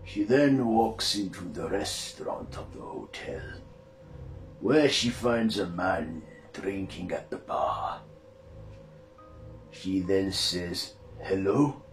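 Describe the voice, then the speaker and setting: A man tells a mystery story in a plain, unhurried manner, his low voice moving very slowly. Faint music plays under his narration. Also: reverberant.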